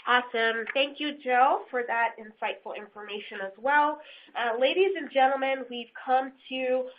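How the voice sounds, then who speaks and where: A woman's voice: high voice, normal speed, slight background noise. A woman presenting a webinar, upbeat and formal as she hands over and answers about payment. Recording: dull lo-fi line.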